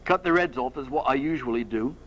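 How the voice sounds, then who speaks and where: A man reading aloud, voicing a boastful young hired hero in a rough, slangy manner. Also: on the high side, moderate pace, highs cut off, slight background noise, close to an everyday voice.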